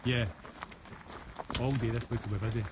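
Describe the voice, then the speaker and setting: A man's voice: mid-range voice, level tone, normal speed. A man from Scotland with a West of Scotland accent, chatting casually on a live stream while walking a forest path outdoors, answering comments with frequent restarts. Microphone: phone held while walking. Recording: outdoor phone stream with clear background noise.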